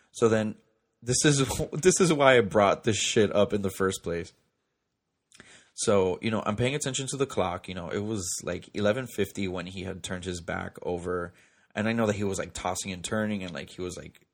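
Young man, low-pitched, casual profane storyteller, chatty and filler-heavy.

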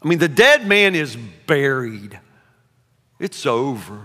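A man preaching a sermon, swinging between loud emphasis and hushed asides, often repeating words. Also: medium pitch, sing-song, slow. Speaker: pastor. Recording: long reverb of a large hall.

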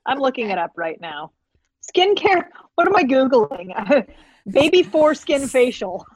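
A woman's voice: high-pitched, sing-song, a little slow, breathy edge, no room sound, poor audio. A woman joining as a podcast guest, joking and teasing in casual chat. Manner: playful, teasing, jokey.

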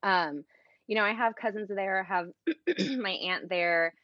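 A young woman from the States chats as a podcast guest and tells a story with lively energy. She acts out each quoted line and fills her speech with "like." Her voice sits at an ordinary middle pitch, and the sound is dry but a little dull. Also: measured pace, no room sound. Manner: animated, acts out quoted dialogue, heavy use of "like". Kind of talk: casual chat, storytelling.

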